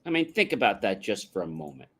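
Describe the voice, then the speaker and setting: A man's voice: fairly low pitch, very animated, quick pace, a bit bright. Emphatic man giving a motivational talk. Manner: emphatic, addresses audience directly; repeats catchphrases in a chant. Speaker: motivational speaker.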